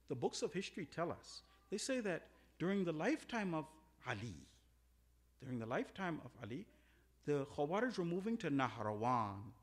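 Male preacher, sermon with stories; high, very lively pitch, sprinkles Arabic terms. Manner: animated, swings from loud emphatic peaks to quiet asides; uses Arabic religious terms. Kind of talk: sermon with storytelling.

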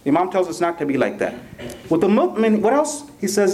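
Animated high-pitched male preacher. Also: brisk, slight background noise. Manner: animated storyteller, often asking "right?". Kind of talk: Ramadan sermon with humorous anecdote.

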